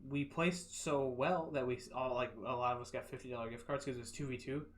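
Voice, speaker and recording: A man's voice: medium pitch, fairly even intonation, fast. A young adult man co-hosting a casual gaming podcast, telling rambling stories in a laid-back way. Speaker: podcast co-host. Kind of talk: casual chat.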